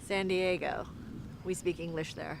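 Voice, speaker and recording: A woman acting a dry, deadpan role in a comedy sketch. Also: on the low side, unhurried, gravelly, slight background noise. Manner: dry, patient, deadpan replies.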